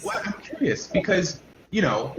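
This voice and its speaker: A man talking as a podcast guest, animated, repeating phrases for emphasis. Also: high voice, normal speed. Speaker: podcast guest, wellness practitioner. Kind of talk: casual podcast interview. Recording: roomy, dull, noisy remote audio.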